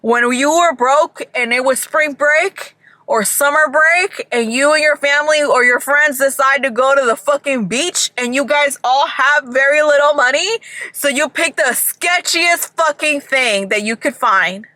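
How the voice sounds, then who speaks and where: Young woman vlogger, high, bright voice, dry close sound, chatty and animated, swears a lot. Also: measured pace, no echo. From Georgia. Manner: animated, swearing, acts out people in bursts. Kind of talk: casual storytime chat.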